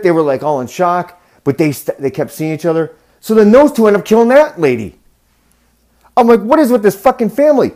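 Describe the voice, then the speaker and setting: A man's voice: fairly high pitch, darkish tone. A man hosting a podcast, telling rambling, profane stories in a casual monologue and acting out the voices of people he quotes. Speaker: podcast host.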